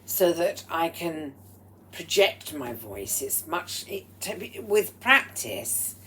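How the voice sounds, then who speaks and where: A woman vlogging at home with a throaty, strained voice, speaking in a slow, deliberate and slightly formal way and often dropping into breathy whispered asides. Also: low voice, sing-song, fairly bright tone, a little hiss or hum. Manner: proper, slightly formal phrasing. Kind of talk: rambling personal vlog monologue. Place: at home while cooking. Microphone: speaking into a microphone.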